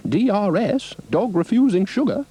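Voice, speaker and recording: A man's voice: sits high, animated, moderate pace, warm tone, husky, pitched above the performer's own voice. A man voicing a grand, gushing female cow who speaks in a theatrical, affected way. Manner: theatrical, fond of initials.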